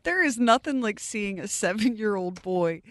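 A woman's voice: medium pitch, animated, moderate pace, a bit bright, dry recording, clean studio sound. A woman co-hosting a radio show, tossing in wry quips during casual banter. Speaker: radio co-host.

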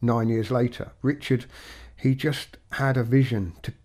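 A man co-hosting a podcast, talking in a measured, reflective way with frequent restarts. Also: medium pitch, fairly even intonation, a little mellow. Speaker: podcast co-host.

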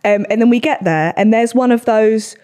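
A woman hosting a casual chat, telling stories quickly with swearing and laughter. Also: a little high, darkish tone. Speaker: podcast host.

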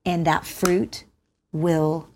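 Low-voiced woman host, affirming. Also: flat delivery, drawn-out words, crowd noise. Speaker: podcast host. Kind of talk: casual conversation.

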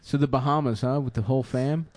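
A man's voice: medium pitch, fairly even intonation, quick pace, over a noisy crowd. Profane heckling man. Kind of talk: crude casual banter.

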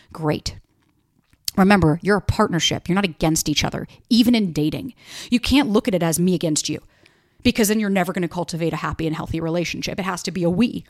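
A young woman hosting a solo podcast, giving blunt dating advice in a casual, animated way and swearing freely. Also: on the low side, no echo, clean studio sound. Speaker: podcast host.

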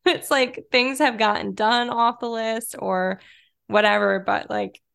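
A woman with a Detroit accent, a guest in a relaxed podcast chat, talking loosely with lots of "like" and "um". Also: a little high, slow pace, creaky, clean tone. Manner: relaxed, chatty, filler-heavy with frequent likes and ums. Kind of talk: casual chat.

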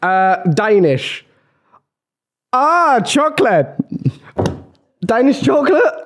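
Young English male co-host, high voice with a bouncy, lively pitch, giggly banter. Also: slow pace. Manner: animated, laughing, high-spirited banter. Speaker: podcast co-host. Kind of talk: casual chat.

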